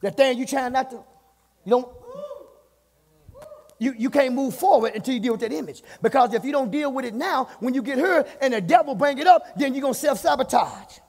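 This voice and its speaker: A man preaching a sermon as pastor, repeating his phrases and rising to shouts. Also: very high-pitched, a little fast, vocal fry, breathy edge. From United States. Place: church sanctuary. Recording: church sermon with hall reverb.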